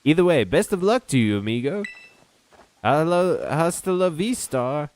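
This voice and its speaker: A man's voice: a little high, animated, moderate pace, a little mellow, a little hiss or hum, pitched above the performer's own voice, close to an everyday voice. A man reading the lines of a brash male gang squad boss in a cocky, taunting tone.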